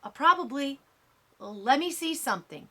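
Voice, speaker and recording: A woman's voice: sits high, expressive, normal speed, sharp tone, voice pushed up. A woman reading as a confident teen girl athlete. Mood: explaining. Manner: matter-of-fact, instructive.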